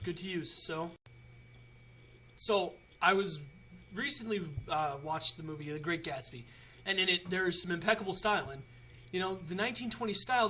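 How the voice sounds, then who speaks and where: A man's voice: sits high, pushed and bright, slight background noise. A young man hosting a casual how-to video, chatty and rambling with frequent restarts. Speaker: tutorial host.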